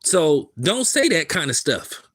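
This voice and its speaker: A man's voice: a little high, big pitch swings, unhurried, fairly bright tone, husky. Emphatic man ranting in casual commentary. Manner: emphatic, repetitive, street-casual. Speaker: commentary host. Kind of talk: opinionated commentary.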